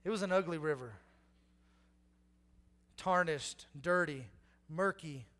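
A man's voice: fairly high pitch, slow, fairly bright tone. A man, preaching a sermon with humor, repeating key lines and acting out people in the story. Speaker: pastor.

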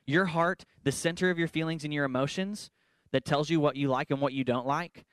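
A man's voice: fairly high pitch, a little fast, fairly bright tone, clear, resonant tone, no room sound, clean studio sound. A man, a pastor, giving an earnest and emphatic sermon-style talk in a church worship center, with playful asides.

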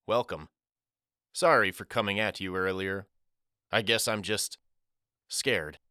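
A man doing a low, weary working father. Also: slow pace, pushed and bright, clear, resonant tone, no echo, clean studio sound. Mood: subdued. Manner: low-toned, exasperated but not angry. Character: frightened widowed father, plain working man.

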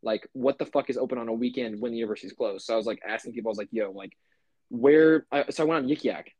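A man's voice: medium pitch, rapid-fire, darkish tone, slightly rough, no echo. A young man co-hosting a podcast, telling a story in a loose, rambling way with lots of "like" and swearing. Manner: rambling, swears a lot, many fillers. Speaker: podcast co-host. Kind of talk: casual chat.

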